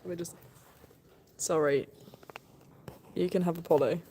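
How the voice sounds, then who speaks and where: On a farm livestream shot with a handheld phone camera, a woman coos lovingly at her animals and chats, laughs, and rambles with her viewers. Her fairly low voice is warm and steady in tone, at a measured pace. The sound is big-room, mixed with noisy outdoor farm sound.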